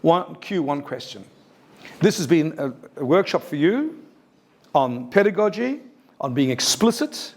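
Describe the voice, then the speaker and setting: Male workshop presenter, slightly high voice, emphatic, keeps quizzing the audience. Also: a little slow. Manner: lively, emphatic, asks the audience questions. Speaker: teacher trainer. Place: university lecture room.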